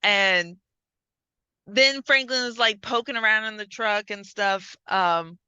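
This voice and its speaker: A woman's voice: mid-range voice, slow, bright, forceful tone, clear, resonant tone, dry recording, lo-fi sound. A woman hosting a podcast, chatting casually, swearing freely and acting out lines as she retells a story. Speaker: podcast host. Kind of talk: casual chat.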